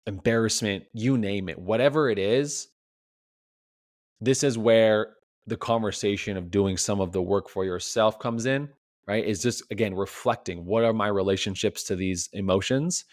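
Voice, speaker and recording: A man's voice: lowish voice, no echo, clean studio sound. A man as a relationship coach, giving a reflective solo podcast talk full of rhetorical questions, often tagged with "right?".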